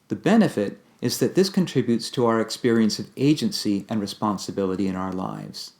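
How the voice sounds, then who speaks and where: A man giving a calm, measured instructional talk on communication, explaining ideas step by step. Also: on the low side. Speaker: communication teacher.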